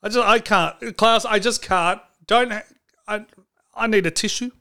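A man's voice: high voice, unhurried, pushed and bright. A man hosting a comedy sports podcast, talking in a jokey, rambling, mock-dramatic way. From Australia. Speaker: podcast host.

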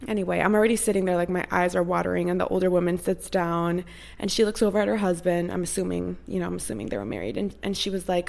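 A woman's voice: fairly low pitch, fast talker, vocal fry. A young woman chatting casually to her viewers, telling a story in a gushing, rambling way with many fillers. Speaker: vlogger.

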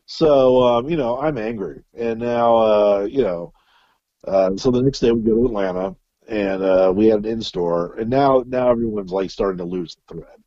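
A man's voice: lowish voice, moderate pace, dry recording, lo-fi sound. Rambling, cursing man telling a story. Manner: profane, rambling with fillers and restarts. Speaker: guest musician. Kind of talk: casual storytelling.

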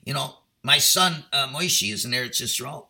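A middle-aged man giving a Torah talk as a rabbi, passionate and exhorting, then easing into quiet, chatty storytelling, with Hebrew and Yiddish words mixed in. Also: mid-range voice, lively intonation, moderate pace, gravelly.

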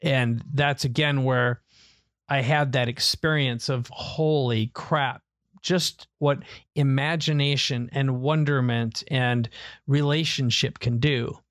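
A middle-aged man telling a personal story in casual chat, lively, acting out the voices of the people in it. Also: mid-range voice, takes it slowly, no room sound, clean studio sound. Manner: animated storyteller, acts out quoted family voices. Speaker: podcast co-host.

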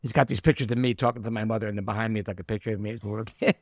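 A man's voice: on the low side, fairly even intonation, racing, a little mellow, no room sound, clean studio sound. A middle-aged actor telling anecdotes in a casual chat, acting out the people he quotes. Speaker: actor guest.

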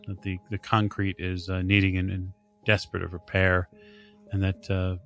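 A man narrating as game master of a tabletop role-playing game, describing scenes in an unhurried, descriptive way with many fillers. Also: sits low, fairly bright tone.

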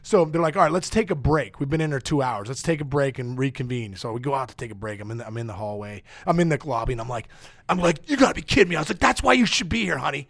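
A middle-aged man, a former ballplayer and podcast guest, telling a story with lots of excitement, acting out the quotes and laughing often. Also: mid-range voice, fast. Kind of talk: animated storytelling.

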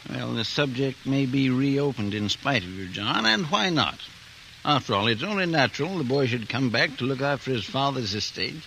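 An actor playing a wry older neighbor in a 1940s radio drama, teasing and gently probing. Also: male voice, mid-range voice, lively intonation, normal speed, creaky, slight background noise, poor audio. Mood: knowing.

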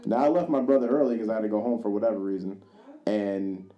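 A man's voice: lowish voice, fast talker, highs cut off. A man co-hosting a podcast, telling casual rambling stories, swearing freely and acting out the voices of people in them. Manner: swears freely and acts out quoted dialogue in his stories; rambling, with many fillers and restarts. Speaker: podcast co-host. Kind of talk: casual storytelling chat.

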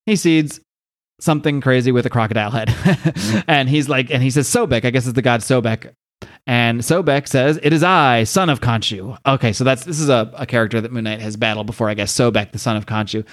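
A man hosting a comics podcast, casually recapping a story and acting out the dialogue in raised, excited voices. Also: fairly quick, no room sound, studio quality. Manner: acts out dialogue with high-pitched voices, swears casually. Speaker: podcast host.

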